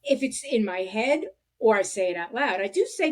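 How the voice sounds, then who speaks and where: A woman hosting a podcast, talking in a reflective, halting way with many restarts. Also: mid-range voice, expressive. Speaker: podcast host. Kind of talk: casual conversation.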